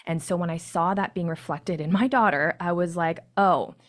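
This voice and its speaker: Low-voiced woman telling parenting stories. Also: fairly quick. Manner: candid, reflective storytelling. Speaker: podcast guest, parenting coach. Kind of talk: casual podcast conversation.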